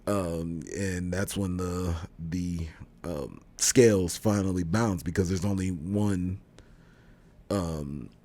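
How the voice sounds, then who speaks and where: Male co-host, very low husky voice, rambling conversational retelling. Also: steady tone, takes it slowly, dark tone. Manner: rambling retelling with many fillers and restarts. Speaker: podcast co-host reviewing a TV show. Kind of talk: casual chat.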